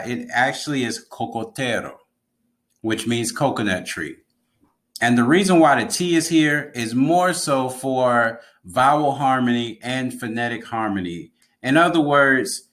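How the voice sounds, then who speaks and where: Man, language teacher, online lesson, slow unhurried pace, mid-range pitch, patient explaining. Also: a bit bright. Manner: slow, explanatory, repeats words for emphasis.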